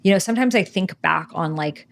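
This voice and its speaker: A woman talking as a podcast guest and spiritual teacher in a casual conversation, chatty and animated, with lots of "like". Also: lowish voice, fairly quick, vocal fry.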